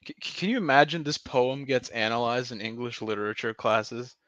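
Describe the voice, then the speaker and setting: A man's voice: medium pitch, fairly quick, a bit bright, dry recording, muffled recording. A young man streaming in a casual, rambling chat, joking and swearing, often tripping over his words. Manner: rambling, profane, jokey, with frequent stumbles and laughs.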